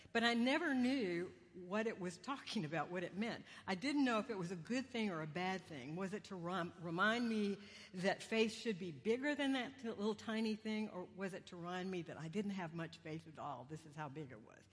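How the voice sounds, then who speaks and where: A woman preacher giving a sermon in a conversational, self-deprecating way, with wandering humorous asides. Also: lowish voice. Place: church sanctuary. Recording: long church reverb.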